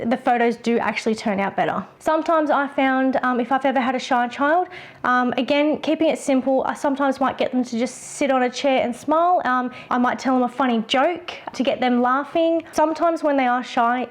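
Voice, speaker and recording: Chatty, fairly high-voiced woman vlogger. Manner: chatty, with many ums and restarts. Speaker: photography vlogger. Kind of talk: casual tutorial talk.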